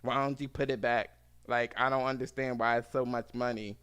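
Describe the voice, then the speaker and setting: A man's voice: medium pitch, steady tone, fairly quick, fairly bright tone, clean tone, close to an everyday voice. A man doing an irritated woman caller. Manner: blunt, demanding. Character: irritated woman customer complaining about her bill.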